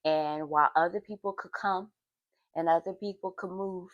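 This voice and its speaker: A woman from Philadelphia who hosts a faith and therapy podcast, telling a personal story with animated flair, then reflecting earnestly. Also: fairly low pitch, normal speed, dry recording, lo-fi sound. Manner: animated storytelling, acts out voices in quotes.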